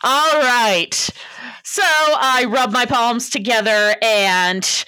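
A woman playing a tabletop game, unhurried and upbeat. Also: on the high side, bright, forceful tone, clean tone, no echo, poor audio. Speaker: player.

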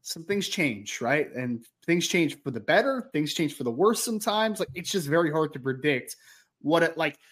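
A man hosting a football podcast, chatting in a casual, upbeat way with animated emphasis. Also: fairly high pitch, moderate pace. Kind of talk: casual sports analysis chat.

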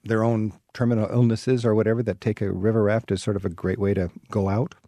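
A man's voice: fairly low pitch, brisk, no room sound, studio quality. A man hosting a radio travel show, interviewing a guest and introducing segments in a conversational way. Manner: lively, conversational presenter.

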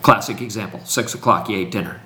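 A man's voice: fairly low pitch, quick pace, sharp tone. A man speaking in a teaching conversation with emphatic, preacherly build-ups and repetition. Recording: roomy echo.

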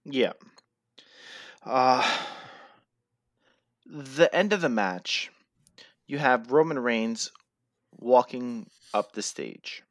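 A man's voice: mid-range voice, animated, drawn-out words, long pauses, dry recording. A man with a mid-range voice chats about wrestling in a dry, close recording with no room sound. He often stalls on ums and uhs as he works out what he wants to say. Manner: hesitant, with many ums and uhs. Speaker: wrestling podcast co-host. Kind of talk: casual chat about a wrestling match.

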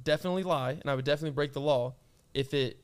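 A young man guesting on a podcast, rambling through animated stories in casual chat. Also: on the high side, very fast, clean tone.

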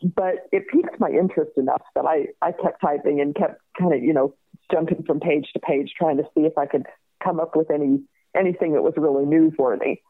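A woman in her fifties, a guest telling her story in a lively way, laughing often and acting out the other voices. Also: low voice, brisk, breathy edge. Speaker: guest, crime survivor. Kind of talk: personal storytelling in an interview. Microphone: phone call. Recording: tinny phone line.

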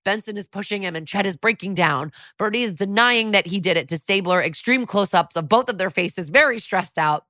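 A woman's voice: mid-range voice, fairly quick, few pauses, bright, forceful tone, no echo, clean studio sound. A woman co-hosting a podcast, recapping a TV episode in casual chat with a sarcastic, storytelling manner. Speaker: podcast co-host.

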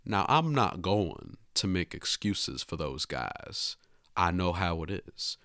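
A man's voice: low voice, sing-song, takes it slowly, gravelly, a bit bright, dry recording, studio quality, pitched below the performer's own voice, full character voice. A man doing Benoit Blanc, southern drawl. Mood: measured. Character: drawling southern gentleman detective, a grown man, sly and indignant.

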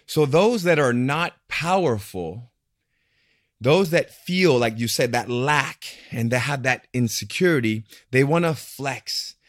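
A man in casual podcast conversation, talking in an animated way and acting out the voices he quotes. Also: mid-range voice, slow pace, dry recording, studio quality.

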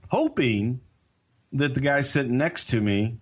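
A man telling a story in casual chat, animated and self-mocking, acting out other people's lines. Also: medium pitch, a little slow, pauses often. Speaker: storyteller guest.

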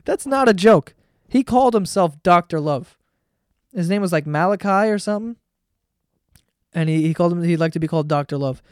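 A man's voice: high-pitched, expressive, moderate pace, pauses often, clean tone, no echo, clean studio sound. Rambling, profane podcast guy. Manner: rambling, profane, laughs often. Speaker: podcast host. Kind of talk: casual solo storytelling.

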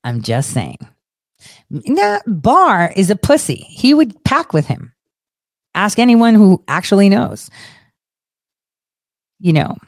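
A young woman giving a profane, sarcastic political rant in an animated, fast-shifting voice. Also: mid-range voice, no echo, clean studio sound. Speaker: political commentator. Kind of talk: ranting commentary.

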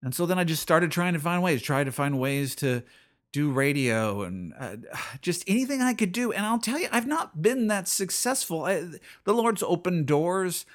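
Speaking at a normal pace with a high pitch that swings widely, a middle-aged man hosts a podcast. His earnest reflection on his personal faith is full of repeated phrases and restarted sentences.

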